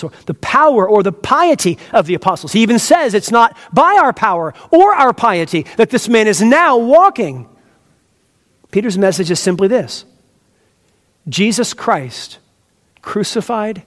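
A man's voice: high-pitched, in a large hall. A man pastor preaching an expository sermon, earnest and teacherly, with emphatic stresses and asides to the congregation.

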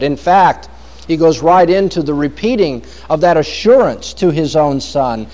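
A man delivers a sermon with a notably high-pitched voice. He reads long scripture passages aloud and leans hard into dramatic emphasis, slowing down on key phrases. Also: expressive, a little mellow. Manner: dramatic, varied emphasis, quotes scripture at length. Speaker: preacher.

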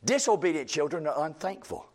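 A man's voice: fairly high pitch, lively intonation, brisk. A male preacher, delivering a sermon in a church with a repetitive, emphatic cadence.

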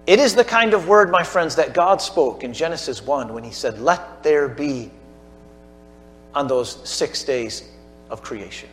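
A man preaching a sermon to a church congregation, building to emphatic peaks and dropping to hushed asides. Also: on the high side, expressive, unhurried, faint music behind. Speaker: pastor.

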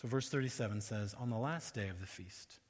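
A man's voice: on the low side, a little fast. Man preaching in a reverberant hall. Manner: conversational, acts out the voices in the passage. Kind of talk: sermon.

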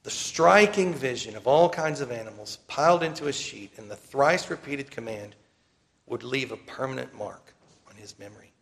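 A man preaching a sermon in an earnest, emphatic way, slowing down to repeat key phrases. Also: medium pitch, animated, vocal fry, fairly bright tone. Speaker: pastor.

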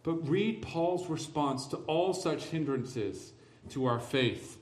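Pastor, male, fairly high voice, emphatic sermon delivery with sarcastic asides, reverberant room. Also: slow, a little hiss or hum. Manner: emphatic, building to forceful declarations.

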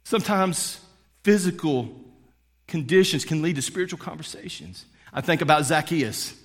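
A middle-aged male pastor delivering a sermon, swinging between loud preaching and hushed storytelling. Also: fairly high pitch, moderate pace. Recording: long hall reverb.

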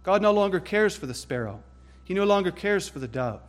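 Male preacher, slightly high voice, emphatic and deliberate sermon delivery. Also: sing-song. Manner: emphatic, deliberate preaching with rising stress on lists.

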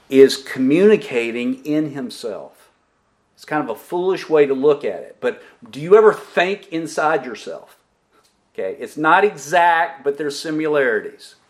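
Speaking slowly and deliberately in a fairly high voice, a male pastor preaches an expository sermon, asking his congregation questions he then answers and stressing key words with emphatic pauses.

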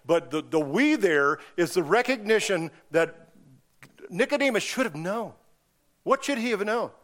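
A man with a notably high voice leads a Bible study, walking his class through scripture one verse at a time. He talks in a relaxed, conversational way and keeps throwing questions back at the group. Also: measured pace. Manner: conversational, asks many rhetorical questions; reads and explains scripture verse by verse.

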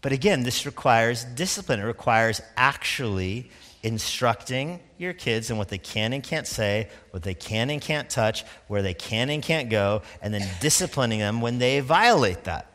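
Bright-voiced man preaching in a reverberant hall. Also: mid-range voice, animated. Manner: conversational preaching with quick asides and laughs. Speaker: pastor. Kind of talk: sermon.

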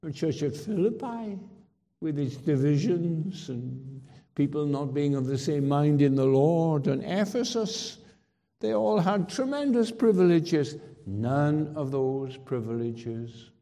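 A male preacher delivers a sermon in an unhurried, deliberate rhythm. His voice is deep-toned and mellow, and it rings out with long reverb in a large hall. He drives home his points with rhetorical questions and emphatic repetition.

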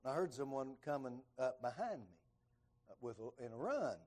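A man's voice: mid-range voice, normal speed. A man preaching an evening sermon, telling a folksy story and acting out the dialogue in it. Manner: folksy storyteller who acts out quoted dialogue with rising, lively voice.

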